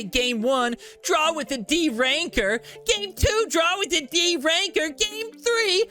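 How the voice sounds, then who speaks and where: A man putting on a high whiny gamer voice. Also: pushed and bright, heavily acted. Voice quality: annoying, nasal whine. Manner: high strained complaining read. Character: whiny nasal male gamer complaining.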